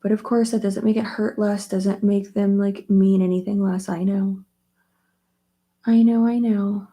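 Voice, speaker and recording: A woman's voice: medium pitch, level tone, measured pace, warm tone. A young woman chatting casually while getting ready, rambling with lots of fillers. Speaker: beauty vlogger. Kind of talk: casual get-ready-with-me chat.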